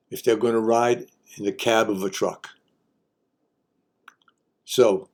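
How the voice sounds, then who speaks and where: Older man, low mellow voice, folksy wry explainer, joking asides. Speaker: host. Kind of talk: casual explainer monologue.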